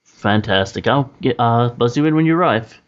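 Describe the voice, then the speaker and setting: A man's voice: mid-range voice, animated, normal speed, a little hiss or hum, lightly acted. A man voicing an eager, fawning male business contact who answers the phone with gushing politeness, in a slightly muffled recording. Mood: obliging.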